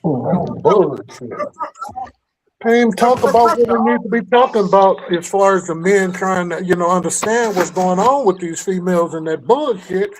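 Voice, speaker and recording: An older man co-hosting a casual morning show, ranting loudly and joking with heavy cursing. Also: high-pitched, expressive, normal speed, slight background noise, rough recording. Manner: loud, profane, joking rants. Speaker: co-host.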